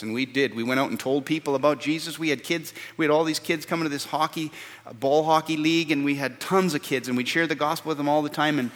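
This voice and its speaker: A man's voice: fairly high pitch, fairly bright tone. A man preaching a sermon as pastor, earnest and repeating words for stress. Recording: long hall reverb.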